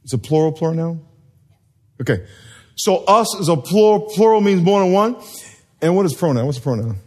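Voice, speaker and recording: A man's voice: fairly high pitch, expressive, moderate pace, a little mellow. A man preaching a sermon to a live congregation, joking and quizzing the people in front of him. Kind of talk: sermon with call and response.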